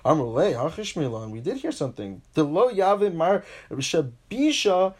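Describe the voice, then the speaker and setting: Animated man teaching a Talmud class. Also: slightly rough. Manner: alternates reading Aramaic with quick English paraphrase, frequent restarts; animated, pitch jumps for emphasis. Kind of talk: Talmud class, reading and translating line by line.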